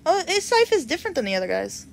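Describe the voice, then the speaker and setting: A woman's voice: high voice, very animated, quick pace, vocal fry, slight background noise. A woman giving casual, playful commentary while playing a puzzle game, with game music behind. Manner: chatty and playful, laughs at the game.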